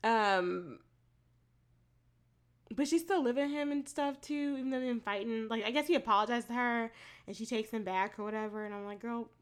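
A woman with a slightly high voice talks through a TV recap on a casual podcast. She tells it in an animated, profane way and drops into quoted asides as she goes. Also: fairly quick, clear, resonant tone. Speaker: podcast co-host. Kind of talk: casual chat recapping a TV show.

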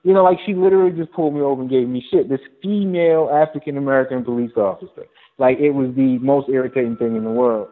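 Profane animated man, phone-like audio. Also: mid-range voice, fast talker. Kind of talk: casual chat.

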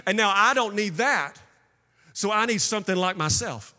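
A man preaching a sermon, swinging from hushed asides to shouted declarations. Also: high-pitched, moderate pace. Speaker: pastor. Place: church sanctuary. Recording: long reverb of a large hall.

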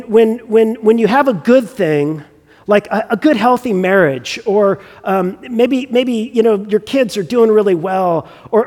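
A man's voice: sits high, darkish tone, in a large hall. A man preaching a sermon as a pastor, talking conversationally and often restarting and repeating words.

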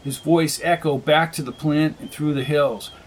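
A man with a slightly raised pitch reads a science fiction novel aloud in steady, measured narration. A faint hiss sits under his voice throughout. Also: rough recording. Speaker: audiobook narrator. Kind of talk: scripted narration.

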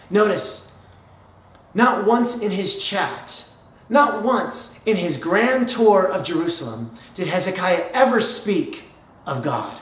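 Animated preacher in a roomy hall. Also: mid-range voice, takes it slowly, distant mic. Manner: animated storytelling, shifts between hushed and loud. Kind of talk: sermon.

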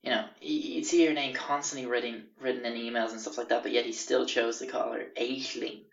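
A young man casually telling a profane, animated anecdote on a podcast. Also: mid-range voice, fast talker, gravelly, recorded from a distance. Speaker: podcast host. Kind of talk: casual storytelling. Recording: roomy, dull lo-fi recording.

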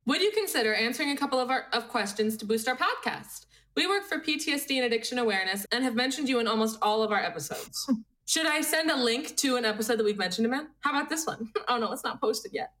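A woman co-hosting a podcast in casual chat, giggly and excitable, reading a message aloud and laughing herself breathless. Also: a little high, fast talker. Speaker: podcast co-host.

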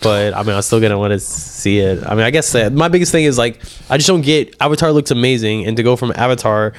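Fast-talking excitable guy. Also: medium pitch, clean tone. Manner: fast, excitable, swears, restarts a lot. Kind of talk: casual chat.

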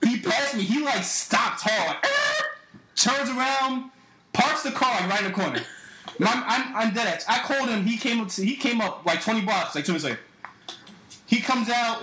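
A man's voice: very high voice, echoey room, heavy background noise. A young man telling a story in a casual, profane way on a podcast, acting out other people's lines as he goes. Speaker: podcast host.

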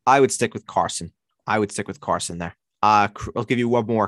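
A man with a Long Island accent hosting a casual sports chat, playful and animated. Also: moderate pace, no room sound, studio quality. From Long Island, New York. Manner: animated, playful, jumps between high and low pitch. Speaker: podcast host.

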